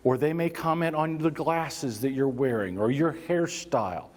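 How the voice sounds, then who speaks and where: A man's voice: a little high, normal speed. Man training a workshop in a reverberant hall. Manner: conversational, engages audience with prompts and acted examples. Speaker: workplace safety trainer. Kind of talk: live training workshop talk.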